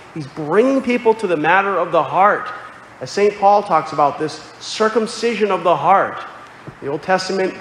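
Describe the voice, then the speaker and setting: A man's voice: on the high side, a little hiss or hum. A man preaching a sermon, earnest and explanatory, quoting scripture aloud. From Connecticut. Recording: echoey hall with faint ambience.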